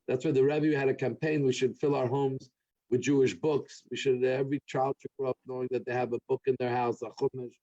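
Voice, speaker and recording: A man who is a rabbi, giving closing remarks and telling a joke with earnest, halting storytelling and many fillers. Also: mid-range voice, level tone, mellow, muffled recording.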